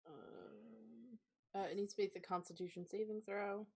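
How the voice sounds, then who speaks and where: A woman playing a tabletop game, easygoing and quick to laugh. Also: mid-range voice, steady tone, gravelly, husky. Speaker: player. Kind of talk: casual tabletop play.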